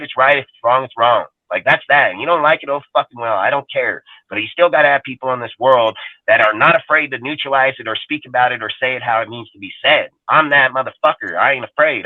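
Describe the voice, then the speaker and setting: A man's voice: mid-range voice, no echo. Dude ranting in his car, swears nonstop, says bro a lot, phone-line sound, super dry. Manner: blunt, heavy swearing, repeats "bro" and "dude". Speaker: podcast host. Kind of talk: profane fan rant on a live stream. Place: inside a parked car in freezing weather. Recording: dry, tinny phone-quality audio.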